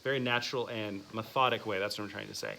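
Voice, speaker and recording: A bright-voiced man leads a music masterclass, encouraging and full of questions for his students. He counts out exercises for the group. A little room noise sits behind him. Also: on the low side, fairly even intonation, quick pace, creaky. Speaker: music teacher leading a masterclass. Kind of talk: classroom instruction.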